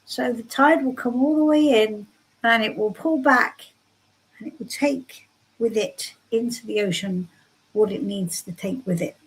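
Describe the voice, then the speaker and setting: A woman's voice: on the high side, a little slow, husky, low-quality recording. A woman giving soothing, reassuring tarot readings on a live stream from home. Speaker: tarot reader.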